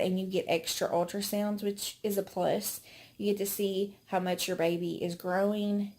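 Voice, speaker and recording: A woman's voice: medium pitch, darkish tone, slight background noise. A pregnant woman giving a casual, chatty update to her channel, a little out of breath, with many ums and restarts. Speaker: vlogger.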